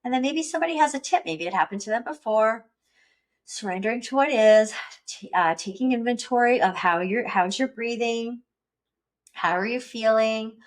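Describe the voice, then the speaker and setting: A woman's voice: on the high side, normal speed. A woman hosting a podcast, talking earnestly and reflectively in a personal monologue. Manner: earnest, self-reflective, acts out panicked inner voice. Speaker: podcast host.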